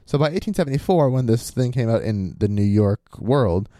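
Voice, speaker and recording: A podcast co-host talks through a story with wry, sarcastic asides, reading his sources aloud along the way. His mellow, expressive voice swings widely in pitch at a normal speed, captured in a dry, close recording.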